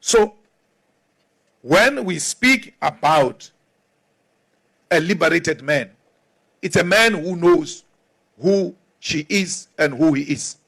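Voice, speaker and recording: A man's voice: a little high, animated, slow, vocal fry, pauses often, a bit bright. A man from Africa, giving an emphatic, rousing political speech with mocking asides. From South Africa.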